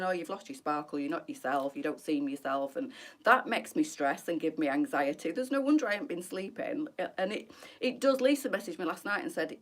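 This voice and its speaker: A middle-aged woman with a fairly low voice talks openly to her viewers on a live stream. She is candid and emotional, answering comments one by one in a chatty, heartfelt way. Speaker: boutique presenter on a live stream.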